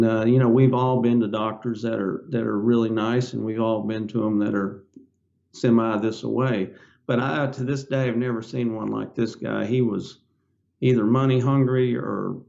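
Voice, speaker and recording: Older man with a gravelly, rambling voice. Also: mid-range voice, steady tone, warm tone. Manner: rambling, halting, with many "you know" fillers. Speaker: podcast guest. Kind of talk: personal storytelling in a casual interview. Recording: slightly dull lo-fi audio.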